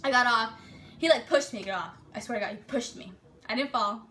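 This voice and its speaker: A young woman telling a story in a casual, animated way, swearing freely and acting out what people said. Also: fairly high pitch, fast talker. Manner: animated, profane, acts out quotes.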